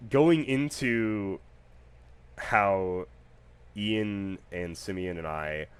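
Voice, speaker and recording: A man with a low voice hosts a solo podcast. He rambles through stories in a casual, joking way, with frequent fillers and lively bursts of emphasis. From United States. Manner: animated, jokey, rambling with fillers. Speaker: podcast host.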